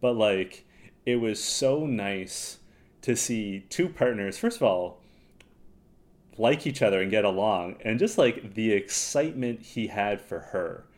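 A man's voice: fairly low pitch, lively intonation, measured pace. A man co-hosting a podcast, chatting casually and bluntly about a reality show and laughing often. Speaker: podcast co-host.

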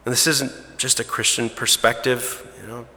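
Male preacher, conversational sermon, restarts, crisp bright tone, long hall reverb. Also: mid-range voice, little pitch movement, moderate pace. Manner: conversational, hesitant restarts, drops to a hushed voice for emotional moments. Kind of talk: sermon storytelling.

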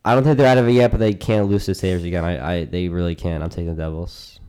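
Lower-pitched male co-host, earnest, stammers and repeats himself. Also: steady tone, fast talker, mellow, smooth. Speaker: podcast co-host. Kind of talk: casual sports betting chat.

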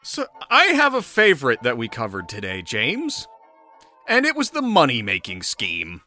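A man's voice: mid-range voice, wildly swooping pitch, pushed and bright, soft background music. A man co-hosting a podcast, chatting casually, swearing often and laughing easily. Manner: profane, joking, quick to laugh. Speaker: podcast co-host.

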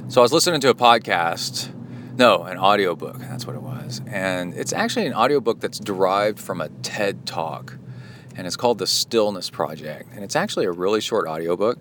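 With a deep, fairly bright voice at normal speed, a US podcast host talks animatedly on his own while driving. The casual talk is rambling and full of tangents and self-corrections, and car and road sounds fill the background.

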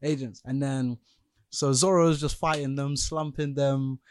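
A man's voice: mid-range voice, fairly even intonation, measured pace, darkish tone, slight background noise. A young man, co-hosting a casual podcast chat and retelling scenes step by step. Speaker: podcast co-host.

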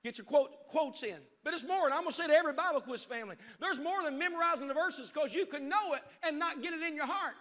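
High, bright-voiced preaching pastor. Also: male voice, quick pace, few pauses. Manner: preaching with rising shouts and storytelling. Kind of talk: sermon. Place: church sanctuary.

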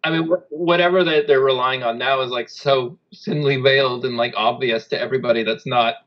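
Male podcast co-host, average pitch, relaxed and hedging, slightly muffled mic. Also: fairly quick. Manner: casual, hedging, laughs often. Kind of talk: casual political chat.

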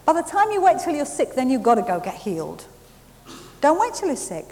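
A woman preaching a sermon, telling a lively story and laughing at herself along the way. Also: high voice, a little fast. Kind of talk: sermon with testimony. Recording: hissy recording in a reverberant hall.

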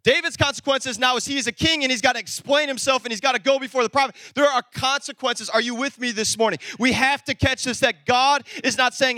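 A man preaching a sermon as pastor, animated, calling out to the congregation, then dropping into low conversational asides. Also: fast talker, few pauses, no room sound, studio quality. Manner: talks to the congregation directly, conversational.

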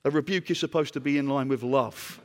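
A man's voice: mid-range voice, brisk, long reverb tail. A man from Britain with a British accent, preaching a conversational sermon and putting questions to his congregation.

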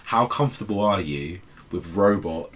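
A man's voice: low-pitched, normal speed. A man hosting a casual podcast chat, laughing often and repeating words as he leads questions. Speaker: podcast host.

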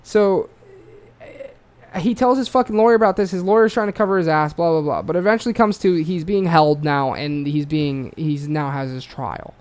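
Here an Australian man recounts a true-crime story in a slightly high, a little mellow voice with fairly even intonation and normal speed. He rambles, swears a lot and fills gaps with fillers.

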